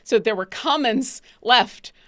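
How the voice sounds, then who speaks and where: A woman's voice: fairly high pitch, takes it slowly, a bit bright. Woman, tabletop actor, casual rambling chat, lots of ums. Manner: rambling, many fillers and restarts. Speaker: actor and player on a tabletop show.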